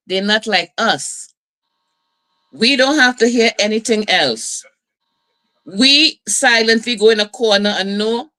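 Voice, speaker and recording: A middle-aged woman host, telling stories and preaching in a lively community broadcast. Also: medium pitch. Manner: lively, preachy storytelling with laughs and asides.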